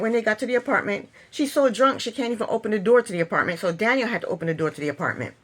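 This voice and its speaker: A woman's voice: medium pitch, a bit bright. Chatty woman recapping a reality show. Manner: chatty, opinionated, retells scenes with quoted lines. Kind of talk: casual recap commentary.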